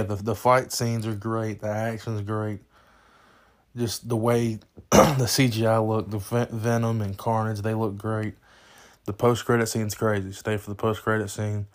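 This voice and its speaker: A man's voice: on the low side, flat delivery, unhurried. A young man giving a casual, rambling and enthusiastic spoken movie review, full of restarts and "you know.".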